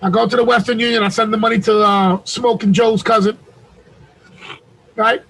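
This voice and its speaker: A man on a video call telling a long, profane story, getting loud as he acts out the calls. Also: sits high, moderate pace, low-quality recording. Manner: profane, animated storytelling, shouts when reenacting. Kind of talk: casual chat.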